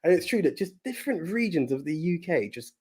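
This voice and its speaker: A man's voice: a little high, big pitch swings, fairly quick, a little mellow, slightly rough. A British man with a plain, unposh English accent, co-hosting a podcast in rambling casual chat. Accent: English, not posh. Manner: chatty, rambling, with restarts. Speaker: podcast co-host.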